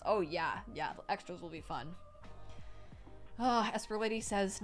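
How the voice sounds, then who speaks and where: A young woman streaming herself reading a novel aloud, breaking off to react excitedly, swear freely and thank donors. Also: mid-range voice, normal speed, long pauses, soft background music.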